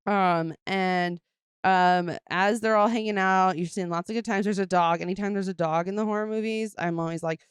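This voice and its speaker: Giggly woman with a smooth voice. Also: medium pitch, fairly even intonation, normal speed, no room sound, clean studio sound. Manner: giggly, jokey, recaps the plot with many fillers. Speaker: podcast host; comedian. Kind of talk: casual chat.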